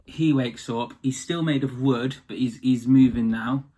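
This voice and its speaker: A man's voice: medium pitch, unhurried, mellow, husky. A man casually retelling a fairy tale, chatty and slangy. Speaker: storyteller.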